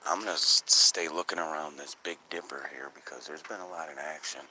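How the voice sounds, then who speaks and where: His bass voice moves fairly quickly over slight background noise as he runs an outdoor night-sky livestream on his phone. Excitable and profane, the host keeps up a running conversation with his chat viewers.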